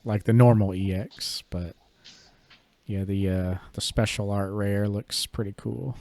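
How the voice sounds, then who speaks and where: A man co-hosts a podcast, chatting casually about collectible cards. He's relaxed and rambles a bit, using lots of fillers and hedges. His voice is on the low side with vocal fry, and he speaks a little slowly.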